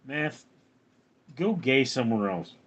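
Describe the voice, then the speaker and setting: A man's voice: medium pitch, sing-song, slow pace, dull audio, slight background noise. A man hosting a casual livestream, reading viewer comments aloud and answering with jokes. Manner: jokey, answers chat in put-on voices. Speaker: livestream host.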